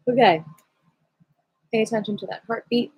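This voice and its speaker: A woman with a high, airy, breathy voice leads a home qigong class, bubbly and playful one moment and gently guiding the next. The sound is dry and close, with no room echo. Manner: playful, giddy, breaks into sing-song cat voices. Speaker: qigong teacher. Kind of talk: casual livestream class guidance.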